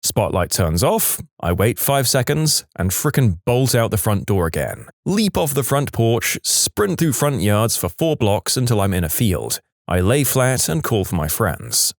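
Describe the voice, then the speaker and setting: A man reading reddit stories aloud in a lively storytelling manner. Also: unhurried, hardly any pauses, dry recording, clean studio sound. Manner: lively storytelling with wide pitch swings. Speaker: story narrator.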